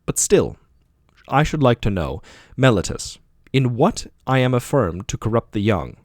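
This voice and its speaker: A man's voice: mid-range voice, big pitch swings, unhurried, no echo, studio quality. A man reading the part of an aging male philosopher defending himself in court, with probing, rhetorical questioning. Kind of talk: audiobook dialogue reading.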